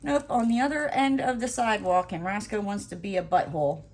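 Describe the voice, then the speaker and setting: A woman chatting casually while she crafts, rambling through an animated story full of "like" and acted-out dialogue. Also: mid-range voice, brisk. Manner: acts out quoted dialogue. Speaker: crafting vlogger. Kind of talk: casual chat while diamond painting.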